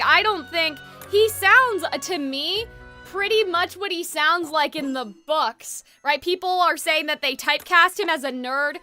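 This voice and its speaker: A woman's voice: very high-pitched, sharp tone. A young woman streaming a game live, chatting casually with her viewers, giggling and using plenty of fillers.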